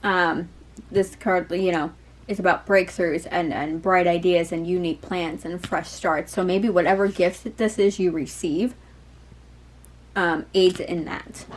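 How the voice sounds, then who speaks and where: A woman's voice: lowish voice, steady tone, unhurried, poor audio. Chatty, rambling woman reading tarot. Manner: rambling, digressive, peppered with fillers and swearing. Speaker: tarot reader.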